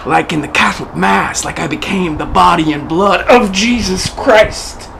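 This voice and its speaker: A man delivering a profane, manic improvised comedy rant to the camera, often shouting. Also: high-pitched, moderate pace, gravelly, slight background noise, rough recording. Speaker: performer of an improvised comedy monologue.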